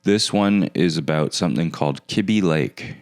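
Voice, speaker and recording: A man's voice: low-pitched, normal speed, no room sound, faint music behind. A man hosting a casual comedic chat show, teasing his guest with dry humor. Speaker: podcast host.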